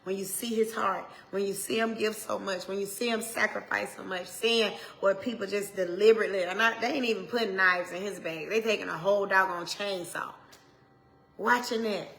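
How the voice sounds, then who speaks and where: A woman minister with an Atlanta accent, preaching in a heartfelt talk that swings from hushed tones to loud exhortation, with Southern turns of phrase and repeated lines. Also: medium pitch, fairly even intonation, normal speed, vocal fry. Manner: impassioned, swings from hushed to shouting.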